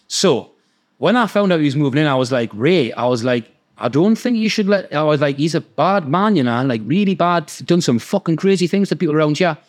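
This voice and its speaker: A man with a Geordie accent telling a long, animated story in casual chat, swearing freely and acting out the other people's voices. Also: a little high, brisk. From North East England. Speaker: podcast guest storyteller.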